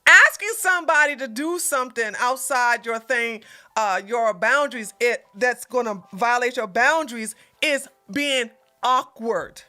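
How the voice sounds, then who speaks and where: A woman's voice: fairly high pitch, measured pace. A woman hosting a livestream, giving heated, profane commentary on a clip and mocking what she hears. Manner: blunt, cursing, mocking, laughs loudly; rants and repeats points to chat. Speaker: livestream host reacting to a clip.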